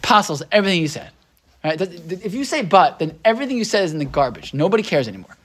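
A man teaching an interactive Torah class. He talks in an animated way, mixes Hebrew terms into his English and keeps checking in with his listeners. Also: high-pitched, very fast, husky.

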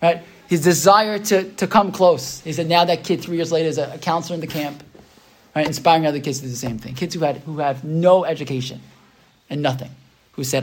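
A man preaches quickly, his voice sitting a little higher than most men's. He tells a long story in an earnest tone, repeating himself and checking in with the listeners as he goes. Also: slight background noise. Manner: earnest storytelling with repeated phrases and frequent "right?". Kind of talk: sermon.

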